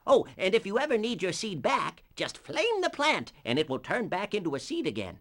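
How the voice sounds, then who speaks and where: A man's voice: high voice, wildly swooping pitch, normal speed, fairly bright tone, no room sound, full character voice. A man voicing an absent-minded male professor in a video game, rambling and correcting himself as he explains. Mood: instructive.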